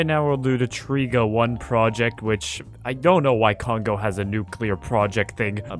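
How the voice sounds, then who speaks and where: A young man giving casual, sarcastic commentary over a strategy game, mocking himself and cutting off his swearing. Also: medium pitch. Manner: sarcastic, self-mocking, quick swearing cut short. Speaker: gaming video host.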